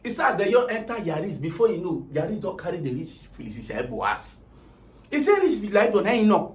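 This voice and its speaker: A man with a Nigerian Pidgin accent, retelling a story comically in an animated, dramatic way. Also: sits high, fast talker.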